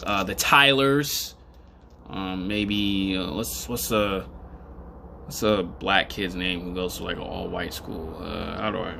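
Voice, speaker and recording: A man vlogging in casual commentary, rambling and chuckling, animated and emphatic as he talks straight to viewers. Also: deep voice, slow, creaky, noisy background.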